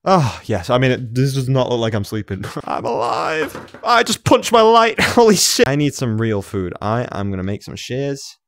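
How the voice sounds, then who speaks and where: A man commenting on his own video game play as he moves around his room at home, excitable, talking to himself and laughing often. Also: mid-range voice, moderate pace, few pauses, no echo, studio quality. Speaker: gamer.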